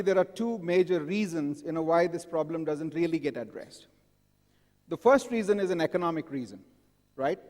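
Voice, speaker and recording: Higher-voiced man in a reverberant hall. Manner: engaging, asks the audience frequent questions. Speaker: conference speaker. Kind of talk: live conference talk. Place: large hall with a live audience.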